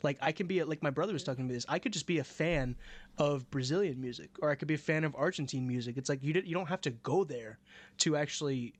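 A man's voice: fairly high pitch, quick pace. A young man co-hosting a podcast in casual chat, rambling with lots of "like" and casual swearing. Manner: rambling, fillers like "like", curses. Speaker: podcast co-host.

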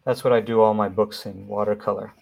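A man's voice: lowish voice, level tone, creaky, darkish tone. A man co-hosting a casual chat, reacting easily and chiming in with short remarks. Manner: easygoing, quick reactions. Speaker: host, illustrator.

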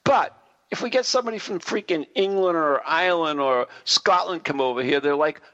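A man's voice: on the high side, fairly quick, in a large hall, muffled recording. A man co-hosting a radio show in casual chat, teasing and joking with his guests. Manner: teasing, animated. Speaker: radio host.

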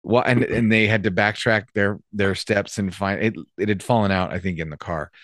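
A man hosting a casual chat, telling work stories with a joking, animated manner. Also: lowish voice, normal speed, dry recording, studio quality. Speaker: podcast host, police officer.

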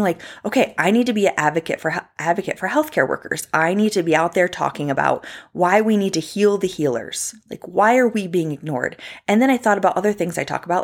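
A woman in her thirties speaks straight to camera in a personal vlog, impassioned and emphatic as she tells her own story. Her voice sits a little low for a woman. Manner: impassioned, emphatic, addressing viewers directly. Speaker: traveling ultrasound tech and speaker.

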